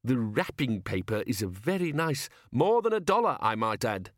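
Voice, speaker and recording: A man's voice: mid-range voice, big pitch swings, moderate pace, dry recording, clean studio sound, close to an everyday voice. A man voicing a pompous, greedy old male wizard in a fussy, self-satisfied way. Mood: smug.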